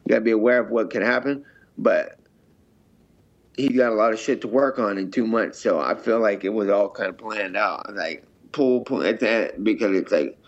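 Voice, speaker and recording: A man's voice: on the low side, normal speed. A man being interviewed as a fighter, talking bluntly and swearing a lot, often acting out things he said before. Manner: blunt, heavily profane, acts out his own past remarks. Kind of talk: casual interview talk. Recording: dull lo-fi sound.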